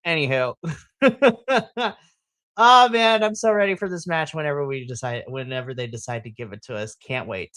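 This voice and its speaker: A woman hosting a wrestling podcast in casual chat, animated and gushing, laughing often. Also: sits low, normal speed, no room sound.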